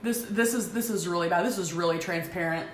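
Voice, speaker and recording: A woman in her thirties candidly confessing her struggles in a halting, emotional vlog, with frequent restarts. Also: lowish voice. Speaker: vlogger. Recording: echoey room with faint background noise.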